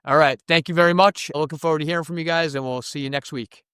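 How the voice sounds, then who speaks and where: A man's voice: a little high, steady tone, quick pace, very noisy. A man hosting a podcast in casual chat who laughs through his own stories. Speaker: podcast host.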